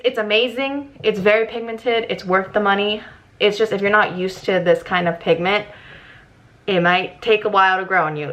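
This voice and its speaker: A young woman vlogging casually about her makeup, excitable and giggly, chatting as she works. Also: mid-range voice. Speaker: beauty vlogger. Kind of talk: casual makeup tutorial chat. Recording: slightly dull lo-fi audio.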